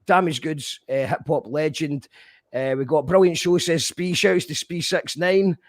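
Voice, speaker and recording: A man's voice: a little high, measured pace, no echo, studio quality. A man with a Scottish accent hosting a casual radio interview, chatty and swearing casually. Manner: chatty, swears casually, reads out listener comments. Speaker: radio show host.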